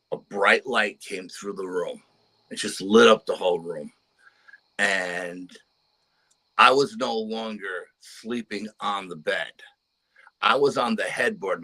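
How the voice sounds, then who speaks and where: A man's voice: on the low side, pushed and bright, rough recording. An older man telling a personal paranormal story in an earnest, conversational way. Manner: earnest storytelling with repeated "you know". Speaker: paranormal investigator guest. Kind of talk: storytelling interview.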